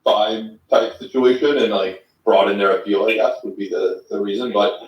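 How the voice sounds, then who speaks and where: A man's voice: on the low side, fairly even intonation, normal speed. A man in an online audio chat, talking in a friendly, casual way. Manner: friendly, casual, says bro. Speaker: guest in an online audio space. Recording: roomy, distant online audio.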